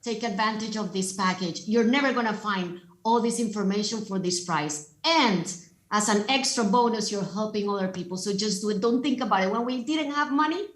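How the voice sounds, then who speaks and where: A woman gives a motivational talk as a guest speaker, telling stories in an animated, emphatic way. Her voice is mid-range at a moderate pace, and the room is echoey.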